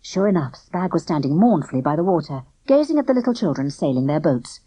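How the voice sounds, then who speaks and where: Female audiobook narrator, children's story, bright animated delivery, dry studio read. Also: deep voice, fast, slightly rough, no room sound, poor audio. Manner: expressive, lively storytelling. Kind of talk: scripted children's book narration.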